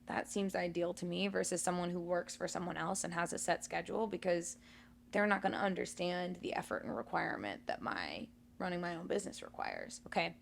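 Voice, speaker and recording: A woman's voice: fairly low pitch, lively intonation, a little fast, vocal fry, slight background noise. A woman in her thirties co-hosting a casual podcast, telling her story in a reflective, open way. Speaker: podcast co-host.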